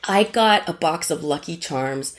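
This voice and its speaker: Woman stage actor, low register; candid, self-deprecating chat guest with a salty mouth. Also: lively intonation, unhurried. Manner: candid, self-mocking, swears freely. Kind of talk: casual anecdote in conversation.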